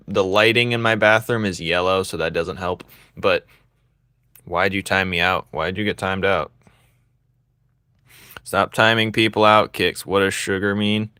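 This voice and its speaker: A young man chats casually with viewers as he draws live, joking and teasing them between laughs. His voice sits a bit low but sounds bright and forward. The sound is dry and close. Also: clear, resonant tone, no echo. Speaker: streamer drawing live and reading chat. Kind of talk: casual livestream chat while drawing.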